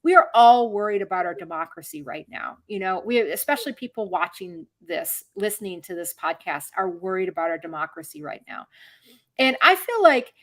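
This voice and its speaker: A woman's voice: medium pitch, sing-song, a little fast, a bit bright. Earnest, rambling middle-aged woman host. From Michigan, USA. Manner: earnest, rambling, with many fillers and restarts. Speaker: podcast host. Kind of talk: casual political podcast chat.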